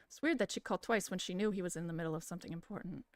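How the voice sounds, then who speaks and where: A woman reading a visual novel aloud in a soft, soothing voice, with casual, swearing asides. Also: lowish voice, very fast, no echo, clean studio sound. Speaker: streamer reading a game aloud.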